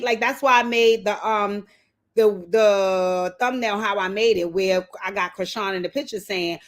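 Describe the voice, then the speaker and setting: A woman casually recapping a reality show, telling the story with lively quoted voices and blunt slang. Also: mid-range voice, a little slow. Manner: animated storytelling, acting out quotes.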